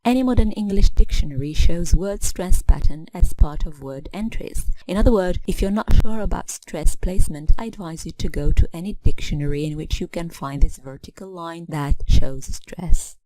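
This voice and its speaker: A woman's voice: fairly low pitch, moderate pace, hardly any pauses, warm tone, a little hiss or hum, rough recording. A woman narrating a scripted English lesson, spelling out suffixes letter by letter and reading example words one at a time. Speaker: English teacher.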